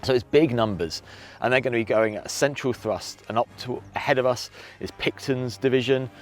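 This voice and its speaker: A man guiding a walk across a battlefield, explaining events in a lively, conversational way, outdoors on a rocky hillside. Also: medium pitch, fairly quick, faint music behind. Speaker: historian guide.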